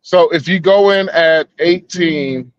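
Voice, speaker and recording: Speaking slowly in a fairly high voice, this Southern US man co-hosts a podcast, trading crude stories in relaxed banter peppered with slang and swearing. The audio sounds dull and carries no room sound.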